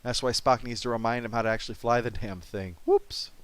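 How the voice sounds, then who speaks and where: A man's voice: mid-range voice, fairly even intonation, fast talker, a bit bright, clear, resonant tone, no room sound. Sarcastic wisecracking male game reviewer. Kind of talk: comedic review narration.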